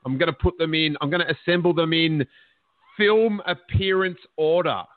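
A man's voice: on the high side, moderate pace. A man hosting a podcast, chatting casually and telling joking anecdotes. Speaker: podcast host. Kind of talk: casual chat. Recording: phone-like lo-fi line, dry.

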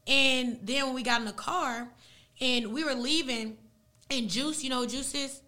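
A young woman whose first language is Arabic tells a story casually and with energy, her speech full of slang. Her voice sits fairly high and sounds bright and sharp. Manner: animated, slangy, fast retelling.

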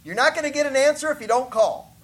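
A man's voice: extremely high pitch, fast talker, fairly bright tone. A man preaching as a missionary, folksy and joking as he tells stories from the pulpit. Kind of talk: sermon with stories.

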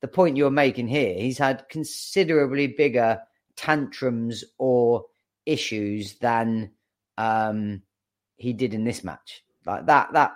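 Male co-host, mid pitch, argues bluntly, swears freely. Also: slow. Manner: forthright, sweary, argumentative. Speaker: podcast co-host. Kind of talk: casual sports chat.

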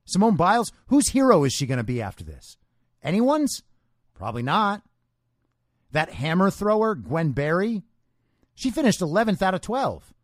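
A man hosts his own podcast in a forceful, opinionated monologue, throwing out rhetorical questions. His fairly high voice rises and falls in animated swings. The sound is dry and close to the mic. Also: dry recording. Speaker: podcast host.

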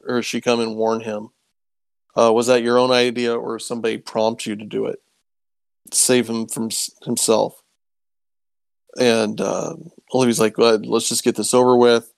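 A man's voice: mid-range voice, vocal fry, clear, resonant tone, no echo. A man casually recapping an episode, rambling with ums and acting out quoted lines. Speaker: podcast co-host recapping a show. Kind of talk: casual chat.

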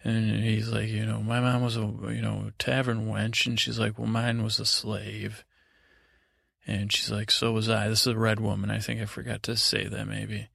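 A man hosting a sleep podcast, recapping in a meandering, halting way with many restarts. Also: on the low side, completely flat delivery, gravelly, fairly bright tone, no echo, clean studio sound. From United States. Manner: paraphrases scenes in casual voices. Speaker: podcast host.

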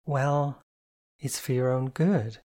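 Reader plays weary motherly woman, low-key, blunt and sweary. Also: takes it slowly, warm tone, lightly acted. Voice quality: sighing, blunt. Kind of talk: audiobook character voice.

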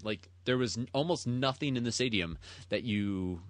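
A man's voice: medium pitch, moderate pace, no room sound. A man co-hosting a sports podcast, chatting casually and telling stories with enthusiasm and easy laughter. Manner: enthusiastic storyteller, laughs easily. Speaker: podcast co-host. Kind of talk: casual chat.

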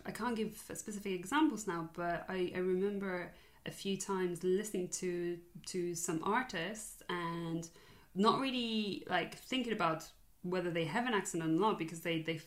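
Young woman chatting, kinda low voice, hesitant and earnest, laughs a lot. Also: normal speed. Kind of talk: casual chat.

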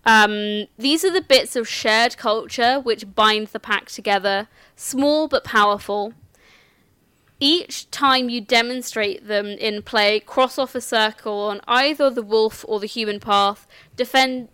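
A woman game master talks through characters and rules at an unhurried pace. Her voice is smooth and a little high, recorded close and dry. She restarts phrases now and then as she explains. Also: a bit bright, no echo. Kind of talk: explaining a tabletop game setup.

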